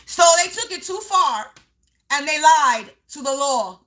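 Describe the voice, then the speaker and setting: Bright, high-voiced woman giving an emphatic reading. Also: expressive, unhurried. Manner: emphatic, repetitive, breaks into yelling. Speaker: spiritual reader. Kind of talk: live tarot-style energy reading.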